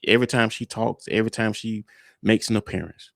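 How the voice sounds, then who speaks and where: Low gravelly male host, blunt, indignant, cursing, dry close sound. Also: brisk, a bit bright, no room sound. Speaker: reaction host. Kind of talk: reaction commentary.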